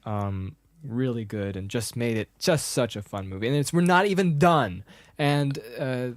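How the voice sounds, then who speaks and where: A man's voice: mid-range voice, unhurried, no room sound, studio quality. A man co-hosting a podcast, chatting casually and animatedly about a film, humming its music cues and acting out lines. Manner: animated, hums music cues and acts out quotes. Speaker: podcast co-host. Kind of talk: casual chat recapping a film.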